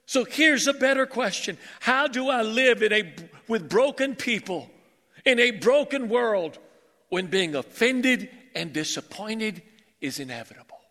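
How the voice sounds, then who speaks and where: A male pastor preaching a sermon, animated and joking with his congregation. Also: sits high, measured pace. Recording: reverberant church hall.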